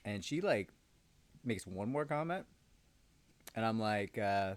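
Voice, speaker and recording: Man, casual storyteller, low voice, dry close sound, sarcastic asides, rambling. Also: lively intonation, slow pace, long pauses, no room sound. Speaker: lawyer host.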